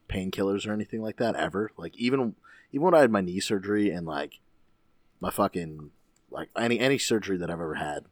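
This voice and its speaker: Low-voiced male co-host, relaxed and joking, dry close recording. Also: no echo. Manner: laid-back, profane, joking. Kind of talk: casual chat.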